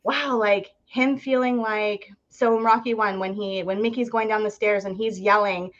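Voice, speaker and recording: A woman's voice: medium pitch, normal speed. A young woman from Ontario, a podcast guest telling her story casually and animatedly, full of "like" fillers and acted-out quotes. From Ontario, Canada. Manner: chatty, animated, many "like" fillers, acts out quoted voices. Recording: dull lo-fi podcast audio.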